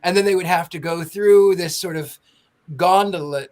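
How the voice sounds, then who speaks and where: An animated woman spins a story for a panel of friends. She slips into the voices of the people she quotes and keeps the telling lively. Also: on the low side, normal speed. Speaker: podcast panelist telling an anecdote. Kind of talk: casual storytelling chat.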